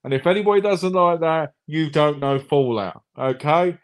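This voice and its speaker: A man chatting casually on a livestream, joking and retelling comedy scenes in a rambling, animated way. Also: fairly high pitch, normal speed.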